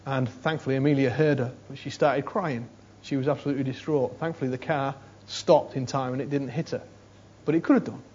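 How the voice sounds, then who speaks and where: A slightly high-pitched man with a husky, darkish voice gives a conversational sermon, repeating phrases to stress them and frequently saying "you know." It comes through as a dull, lo-fi sermon recording.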